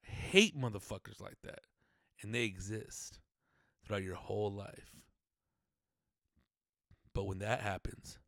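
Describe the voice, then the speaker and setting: A man's voice: lowish voice, a little slow, creaky, pauses often, no echo, studio quality. A man hosting a podcast, delivering a crude comedic rant full of swearing and mock stammers. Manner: profane, animated, mock-stammering. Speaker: podcast host.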